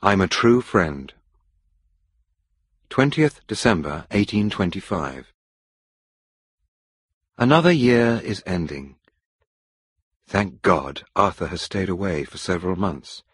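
Deep husky man reading a story. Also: very animated, slow, pauses often, fairly bright tone, no room sound. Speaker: audiobook reader. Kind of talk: scripted narration.

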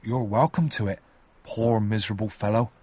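A man voicing a gentle, kind blacksmith who speaks softly. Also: a little high, animated, measured pace, breathy edge, pitched above the performer's own voice. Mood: kindly. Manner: soft and kindly.

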